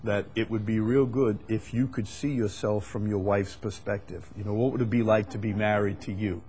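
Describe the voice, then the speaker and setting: A man teaching the Bible in a conversational way, deliberate, often repeating words with frequent fillers. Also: on the low side, steady tone, a little mellow.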